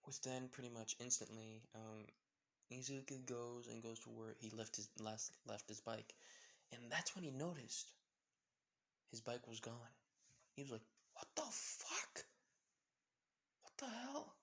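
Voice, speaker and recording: Man, casual storyteller, rambling, fillers, gravelly voice. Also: medium pitch, fairly even intonation, unhurried, a bit bright. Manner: rambling, many fillers and self-corrections. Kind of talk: casual retelling of a fan story.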